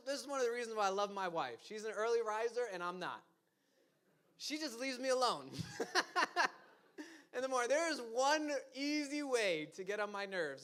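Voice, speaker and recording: High, bright-voiced young pastor laughing. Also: male voice. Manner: laughs often, self-deprecating asides; acts out quoted lines in funny voices. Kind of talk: casual conversational sermon.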